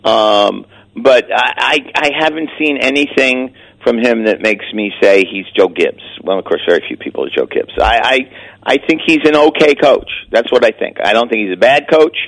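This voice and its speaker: A man's voice: medium pitch, moderate pace, gravelly, a bit bright, low-quality recording. A man talking as a weekly guest on sports radio, in casual chat that stops and restarts often on repeated words.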